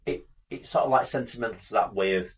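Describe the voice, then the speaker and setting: A man's voice: lowish voice, fast, recorded from a distance. A man, co-hosting a podcast, teasing his friend and explaining things at length. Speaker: podcast co-host. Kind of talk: casual chat.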